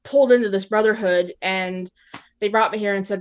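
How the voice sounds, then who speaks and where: A woman's voice: mid-range voice, a little fast. Matter-of-fact woman telling a story. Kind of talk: casual podcast chat.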